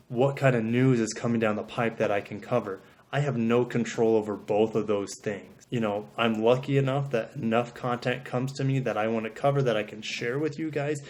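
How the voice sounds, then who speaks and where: A man's voice: lowish voice, darkish tone. Earnest man giving channel tips. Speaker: YouTuber. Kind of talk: advice monologue to camera.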